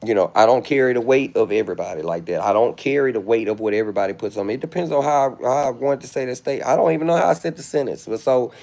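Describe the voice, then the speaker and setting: Gravelly man rambling on a livestream. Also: medium pitch, fast, few pauses, a little mellow. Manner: rambling, self-assured, with flashes of indignation. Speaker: livestream host. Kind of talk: casual livestream monologue.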